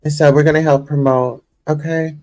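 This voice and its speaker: A woman's voice: sits low, fairly even intonation, moderate pace, darkish tone, soft background music. A young woman hosting a casual livestream chat, effusive and gushing, full of "you know" and "listen here.". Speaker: host.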